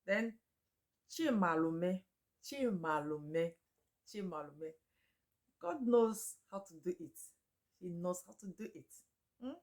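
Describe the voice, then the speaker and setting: A woman teaching names in a casual chat, repeating each one slowly and laughing often. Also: lowish voice, expressive, darkish tone. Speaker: Igbo language teacher. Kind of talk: casual spoken lesson.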